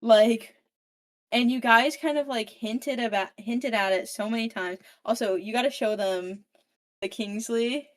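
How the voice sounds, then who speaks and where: A woman's voice: on the high side, a little slow. A woman in casual podcast chat, retelling a novel's plot with frequent swearing and constant "like" fillers. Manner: swears freely, fills speech with "like"; animated storyteller, paraphrasing characters. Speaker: book podcast participant. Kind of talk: casual book recap chat.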